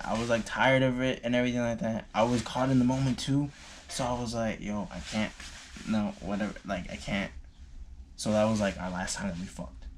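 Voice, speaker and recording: A man's voice: mid-range voice, a little hiss or hum. A young man telling a personal story in a loose, slangy way, full of fillers and swearing. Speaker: vlogger. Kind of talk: casual storytime.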